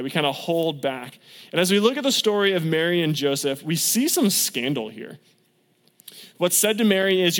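A man's voice: on the high side, lively intonation, moderate pace, fairly bright tone. A young adult man preaching a casual storytelling sermon as a youth pastor, upbeat and conversational, acting out quotes from his stories. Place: church sanctuary. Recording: church hall reverb.

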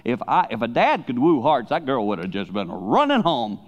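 The audio is dull as a middle-aged traveling preacher, medium-pitched and at normal speed, gives a sermon to young people. He speaks candidly and confessionally, animating his stories.

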